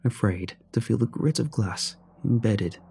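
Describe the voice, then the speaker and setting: Low-voiced man reading a horror story. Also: gravelly, mellow, a little hiss or hum. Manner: measured, somber. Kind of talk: scripted horror narration. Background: faint music.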